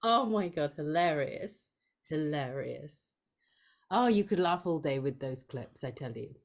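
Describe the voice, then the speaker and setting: Chatty, excitable woman on a video call. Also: lowish voice, normal speed. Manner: enthusiastic, laughing, repeats herself. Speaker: play reading participant. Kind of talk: casual chat on a video call.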